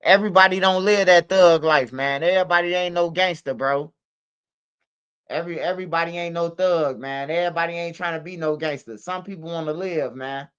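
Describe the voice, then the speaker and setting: A man's voice: fairly high pitch, fairly quick, a bit bright, clean tone, muffled recording. A man hosting a casual street news commentary stream, slangy and emphatic, ending lines with "bro" and "man". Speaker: commentary channel host. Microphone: streaming setup microphone.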